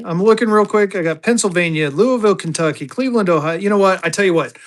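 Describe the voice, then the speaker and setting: A man runs a live online sale in easy, rambling chatter. His voice sits a touch higher than usual for a man. He talks his way through what he is doing and keeps calling out to viewers as y'all. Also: animated, quick pace, few pauses. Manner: chatty, thinks aloud, calls viewers y'all. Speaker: livestream auction seller.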